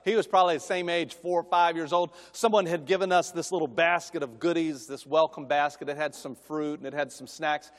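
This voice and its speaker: A middle-aged man preaching in a lighter, higher register, spinning folksy family stories that swell into emphatic calls. His voice rings out with a long reverb trailing behind every phrase, as in a large sanctuary. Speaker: guest preacher.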